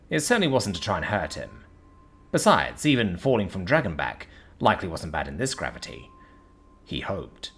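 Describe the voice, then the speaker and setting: Husky, lively male story narrator. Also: sits low. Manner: expressive, casual storytelling.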